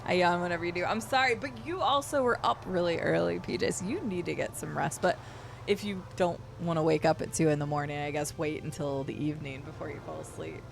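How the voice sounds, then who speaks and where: A woman's voice: lowish voice, fairly quick, gravelly, slight background noise. A woman streamer chatting casually and playfully with her viewers while playing a game. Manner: chatty, rambling, playful with chat. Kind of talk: casual chat while gaming.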